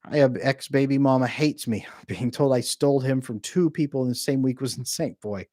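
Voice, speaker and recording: Reading viewer comments on a casual livestream from home, a relationship coach jokes around, chats freely, and laughs quickly, with a bookshelf at his back. He speaks at a medium pitch with a slightly mellow quality. The recording is dry and clean, like a studio.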